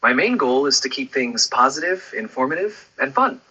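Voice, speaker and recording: A man's voice: medium pitch, expressive, moderate pace, bright, forceful tone, breathy edge, lo-fi sound. A man's synthetic assistant voice, friendly and upbeat in casual chat, ending turns with questions. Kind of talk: conversational AI chat.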